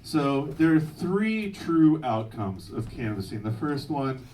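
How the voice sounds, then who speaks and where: A young man doing a stand-up comedy set with a punchy, energetic delivery, laughing along. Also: medium pitch, takes it slowly. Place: live venue with audience. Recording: distant mic, noisy live room.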